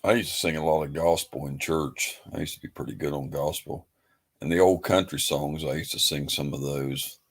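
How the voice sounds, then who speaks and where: A man's voice: very deep voice, fairly even intonation, normal speed. A man hosting a livestream, talking in a rambling, folksy, laid-back way. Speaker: livestream host. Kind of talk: casual livestream chat.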